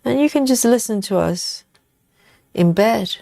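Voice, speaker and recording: A woman hosting a relaxed live cross-stitch stream, chatting casually with viewers as she stitches. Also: a little high, measured pace, creaky, no echo, studio quality. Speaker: host of a cross-stitch livestream. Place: at home in the evening.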